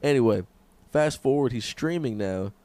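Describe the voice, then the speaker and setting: A young man in a casual comedy podcast, rambling through stories with plenty of swearing and frequent laughter. His voice sits at an ordinary middle pitch. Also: expressive, moderate pace, warm tone, no room sound. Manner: swears freely, laughs often, storytelling. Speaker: podcast co-host.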